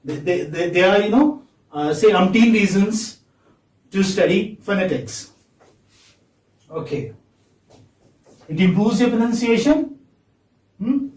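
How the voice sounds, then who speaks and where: A man's voice: high voice, expressive, darkish tone. A male teacher, giving a phonetics lesson in a classroom and prompting students with repeated questions. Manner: slow, drawn-out, coaxing students with repeated questions. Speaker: English teacher. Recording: echoey classroom from far off.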